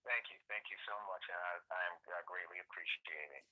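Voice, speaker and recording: A man's voice: low-pitched, fairly even intonation, quick pace. A male actor as a guest on a phone line, gracious and thankful as he speaks. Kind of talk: interview over the phone.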